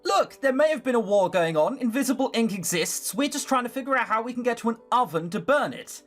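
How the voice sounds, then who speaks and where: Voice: medium pitch, lively intonation, brisk, soft background music. A let's play host reading a visual novel aloud, breaking off for blunt, sarcastic asides with swearing.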